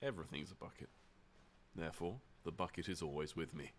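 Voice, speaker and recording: Deep-voiced man goofing through a game. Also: steady tone, brisk, a little hiss or hum. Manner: playful and goofy, swears, makes sound effects. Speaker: streamer. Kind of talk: casual gameplay commentary.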